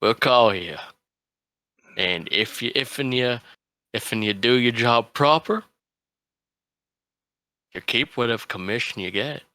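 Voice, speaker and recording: A man playing a brash, smooth-talking man who runs a shady business, pitching like a salesman with loud bursts. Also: unhurried, pauses often, dry recording.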